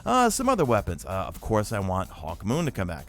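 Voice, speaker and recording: A man's voice: fairly low pitch, slight background noise. A man from New York with a toned-down New York accent, hosting a casual gaming Q&A chat with lots of fillers. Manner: animated, fast-talking with many fillers. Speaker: YouTube gaming host.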